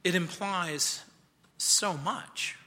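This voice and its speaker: A man's voice: sits high, very slow, pushed and bright. Man preaching in an echoing church. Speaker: pastor. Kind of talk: verse-by-verse sermon. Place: church sanctuary.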